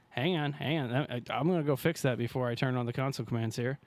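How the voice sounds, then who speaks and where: A man's voice: medium pitch, fast, hardly any pauses. A man streaming a survival game, chatting casually with viewers and thanking them while he plays. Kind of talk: casual live-stream commentary.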